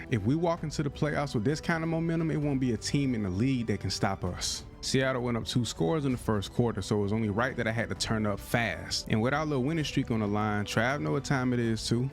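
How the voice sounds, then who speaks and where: A man giving casual, slangy gameplay commentary, reacting loudly to plays, his voice going in and out. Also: mid-range voice. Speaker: gaming YouTuber.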